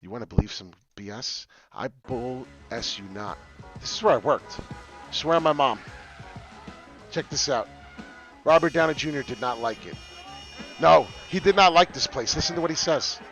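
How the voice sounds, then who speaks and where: A man hosting a casual crypto livestream, talking in an excitable, rambling way with frequent swearing. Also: mid-range voice, normal speed, long pauses, soft background music. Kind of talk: casual live chart talk.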